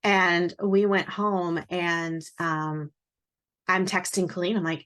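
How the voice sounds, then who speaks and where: A woman in her forties, an author, telling a personal story in a lively way and acting out the dialogue. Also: on the low side, slow pace. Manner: animated, acts out quoted dialogue.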